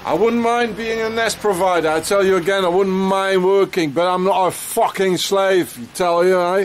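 A man sits outside in the rain and rants to the camera in a rambling, angry way, peppering every phrase with "you know" and "eh?" and swearing freely. His voice sits a little high for a man. Faint traffic hums in the background. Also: fairly even intonation, normal speed, few pauses. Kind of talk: rambling outdoor rant to camera. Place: outdoors in the rain.

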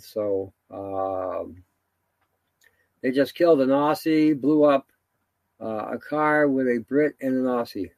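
A man's voice: fairly high pitch, creaky, dry recording. A man giving a rambling, indignant solo commentary, full of fillers and restarts.

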